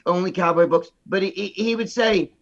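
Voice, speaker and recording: Podcast regular, male, high register, blunt and profane, slightly dull sound. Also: normal speed, creaky. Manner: blunt storyteller, swears freely. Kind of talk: casual chat.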